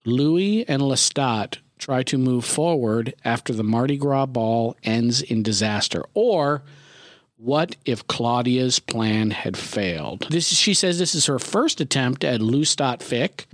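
A man co-hosting a podcast, cracking dry jokes and slowly reading out a story's introduction. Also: medium pitch, no room sound. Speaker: podcast co-host. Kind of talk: casual chat.

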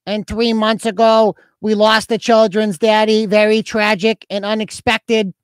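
A man's voice: sits high, little pitch movement, unhurried, clear, resonant tone, no echo, pitched above the performer's own voice. A man putting on a mocking voice as a whiny, pleading single mother, reading in a sing-song way.

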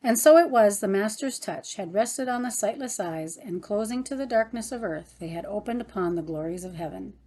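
A woman reading a devotional novel aloud as an audiobook narrator, in a gentle, devout manner. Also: medium pitch, lively intonation, moderate pace, hardly any pauses. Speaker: audiobook reader. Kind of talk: scripted narration.

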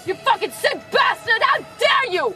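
A shrill, furious young girlfriend. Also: lively intonation, normal speed, bright, forceful tone, heavily acted. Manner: shrill, screaming insults. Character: furious young woman fighting her boyfriend. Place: inside a car. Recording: film clip with faint music.

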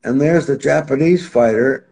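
A man as an interview guest, telling stories in a casual, animated way. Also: medium pitch, normal speed, creaky. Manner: animated, acts out quotes in other voices. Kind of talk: casual anecdotal storytelling.

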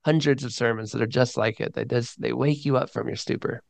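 A man who is a podcast guest, talking eagerly with animated restarts about producing old sermons. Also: medium pitch, brisk, vocal fry, no room sound. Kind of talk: enthusiastic interview talk.

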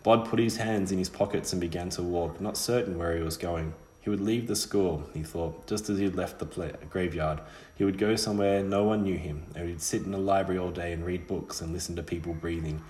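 A man reading a novel aloud in a measured, steady way, with small slips. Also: deep voice, echoey room. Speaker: narrator. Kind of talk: audiobook reading.

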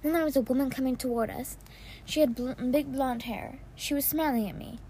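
A woman reading a first-person children's novel aloud, soft and wondering, with small slips. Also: high-pitched, brisk, a little hiss or hum. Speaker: audiobook reader. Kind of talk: first-person storybook narration.

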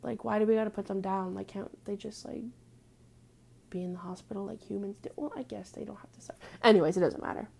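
A young woman venting in a casual vlog, blunt and crude, with lots of "like" fillers and the odd hushed aside. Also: medium pitch, steady tone, fast talker, creaky, slight background noise. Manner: drops to hushed asides now and then. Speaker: vlogger. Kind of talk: casual profane venting monologue.

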